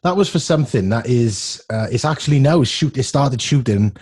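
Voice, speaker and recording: A man's voice: medium pitch, lively intonation, normal speed, darkish tone, slight background noise. A man co-hosting a chat show, talking in an easygoing, tentative way. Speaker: co-host. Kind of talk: casual interview chat.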